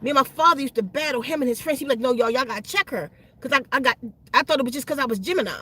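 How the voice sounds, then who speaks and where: A woman with a high-pitched voice tells a personal story to her channel. Her speech is slangy and animated. She stumbles over and repeats words as she goes. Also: very fast, husky. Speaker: channel host.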